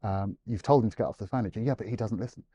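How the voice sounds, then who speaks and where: A man's voice: lowish voice, racing, slight background noise. A man, a guest animal behaviourist, explaining in an interview and acting out quoted owners and dogs. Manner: animated storyteller, acts out quotes.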